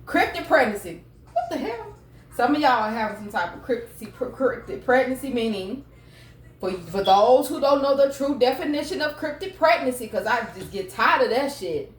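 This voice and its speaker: A woman's voice: high-pitched, animated, normal speed. A woman giving a casual tarot reading to camera at home, chatty and blunt, swearing freely. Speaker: tarot card reader. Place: room at home. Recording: echoey room, mic set far off.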